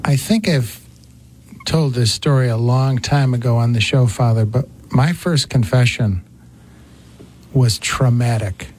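Male talk host, mid-pitched voice, animated storyteller, chatty. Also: measured pace, a little hiss or hum. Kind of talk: casual chat.

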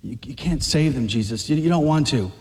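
A man voicing a cruel, taunting male devil tempting in a hushed lower voice. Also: animated, fairly quick, long reverb tail, lightly acted.

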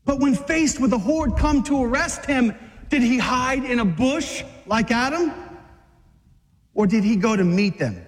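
High-voiced fiery male preacher. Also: lively intonation, moderate pace. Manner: fervent and exhorting, rising to shouts. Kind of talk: fiery sermon. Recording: long hall reverb.

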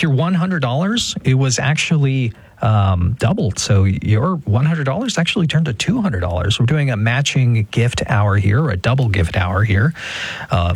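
Chatty man from California, husky. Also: medium pitch, dry recording. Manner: chatty, self-deprecating, many fillers. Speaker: radio host. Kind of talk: pledge drive hosting. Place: radio studio.

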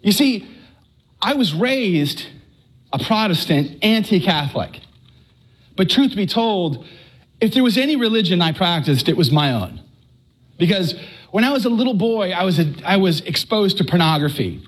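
A middle-aged man from Texas giving an earnest, animated personal testimony to a live audience, stammering and repeating himself. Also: high-pitched, moderate pace. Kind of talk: storytelling talk to a live audience.

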